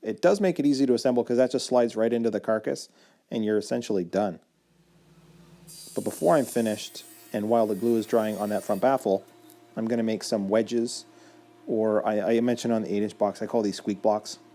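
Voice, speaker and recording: Man, casual how-to voice-over, mellow tone, somewhat low voice, easygoing explanations with ums and restarts. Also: brisk. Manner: relaxed, explanatory, with frequent fillers and self-corrections. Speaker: woodworking video maker.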